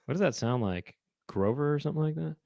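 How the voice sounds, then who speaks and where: A man's voice: lively intonation, fast talker, vocal fry, no echo. A middle-aged man co-hosting a casual comedic chat, rambling and breaking into impressions. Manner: rambling, launches into loud high-pitched impressions. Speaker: co-host.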